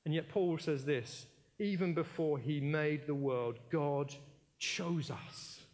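A man's voice: fairly high pitch, takes it slowly, a little mellow. A British man preaching a sermon in a church, emphatic, repeating key phrases and telling anecdotes with jokey asides.

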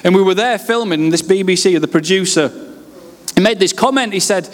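A man in his late thirties from West Yorkshire, with a Yorkshire accent, preaching his personal testimony with humorous, lively storytelling. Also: high-pitched, a little fast. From West Yorkshire, England. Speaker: pastor. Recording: reverberant hall.

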